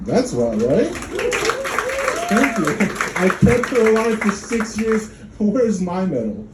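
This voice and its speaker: Deadpan man from Poland doing stand-up. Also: high voice, slow pace, heavy background noise. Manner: deadpan, dark humor, jumps into mocking voices. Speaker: stand-up comedian. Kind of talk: stand-up comedy set. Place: comedy club before a live audience. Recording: echoey room with crowd laughter.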